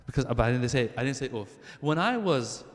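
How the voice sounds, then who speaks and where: A man giving a conversational sermon to a congregation in a lively, joking way, speaking straight to his listeners. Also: medium pitch, a little fast. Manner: lively, joking, addresses the crowd directly. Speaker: religious speaker. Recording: long hall reverb.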